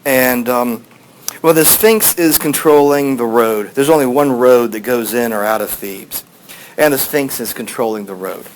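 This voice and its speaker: Over poor audio with slight hiss or hum, a medium-pitched man speaks a little slowly while teaching a class. Rambling and casual, he recounts an old story with lots of fillers and performs voices for quoted lines.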